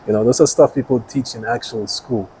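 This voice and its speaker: A man's voice: mid-range voice, brisk, mellow, slight background noise, rough recording. A man hosting a podcast interview, summing up the guest's story reflectively and leaning on fillers like "you know" and "like". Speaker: podcast host.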